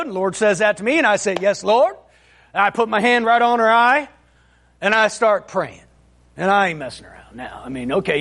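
A man's voice: high-pitched, fairly bright tone. A man preaching in a folksy, fervent way, telling a personal testimony with frequent amens and restarts. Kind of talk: informal sermon testimony.

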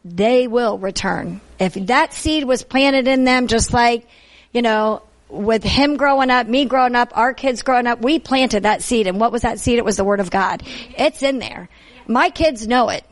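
A woman's voice: on the high side, normal speed. Earnest middle-aged woman encouraging mothers. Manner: earnest, repeats phrases for emphasis, laughs easily. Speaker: Christian talk show co-host. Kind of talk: encouraging faith-based talk.

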